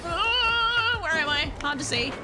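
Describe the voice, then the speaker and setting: A young woman streaming a game, reacting loudly, swearing and talking to her chat, with game music behind her. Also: extremely high pitch, slow pace. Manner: excitable, swears a lot, talks to chat. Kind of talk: live gameplay commentary.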